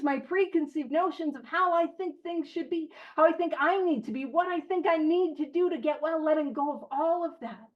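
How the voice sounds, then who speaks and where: On dull-sounding audio, a woman with a high-sitting voice leads a recovery book study. Her talk is casual and heartfelt, chatty, self-mocking and full of tangents, and she reads passages aloud as part of the session.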